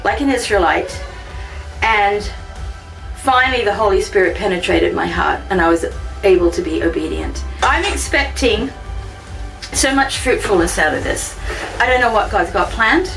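Woman telling her church testimony, gets lively and high when excited, kinda far from the mic, faint music. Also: moderate pace, vocal fry. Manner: animated storytelling, voice rising high when excited. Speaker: church member giving testimony.

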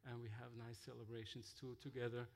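Gravelly man telling mission stories. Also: mid-range voice, little pitch movement. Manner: halting, with many fillers and restarts. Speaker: missionary speaker. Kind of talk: sermon-style storytelling.

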